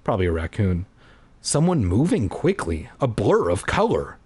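A man hosting a read-aloud podcast, narrating with a husky, slightly breathy voice. His pitch leaps up and down as he plays up the drama. He keeps breaking off into crude throwaway jokes. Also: wildly swooping pitch, moderate pace, darkish tone. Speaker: podcast host reading a children's horror book aloud. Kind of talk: comedic read-aloud with jokey asides.

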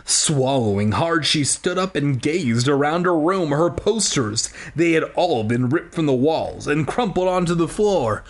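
A man doing a comedic reading of a children's horror book, reading deadpan and breaking off into rambling jokey asides. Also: a little high, measured pace, hardly any pauses. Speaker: reader and host.

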